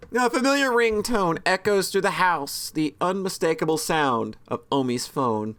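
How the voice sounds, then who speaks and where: This let's-play host reads the narration of a horror visual novel, tossing in joking asides and correcting himself often. His voice sits high with lively intonation and a slightly bright tone, moving at normal speed with hardly any pauses.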